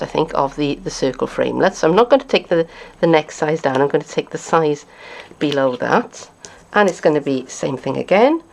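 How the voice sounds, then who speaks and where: A woman demonstrating card-making, chatting and thinking aloud as she works, sometimes dropping to a quiet mutter. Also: low voice, vocal fry. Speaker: craft demonstrator.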